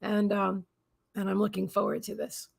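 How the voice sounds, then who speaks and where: A woman's voice: mid-range voice, completely flat delivery, creaky, husky. A woman hosting a live psychic reading stream, chatting casually and effusively, repeating her thanks and greetings, with frequent restarts and fillers. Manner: halting restarts and many fillers.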